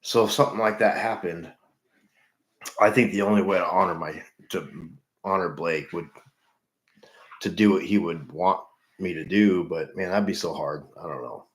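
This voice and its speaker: A middle-aged man with a very low voice talks to his livestream viewers in an earnest, halting way, often trailing off and repeating himself. The room around him is echoey. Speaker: livestream host in recovery. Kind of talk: casual livestream chat with viewers.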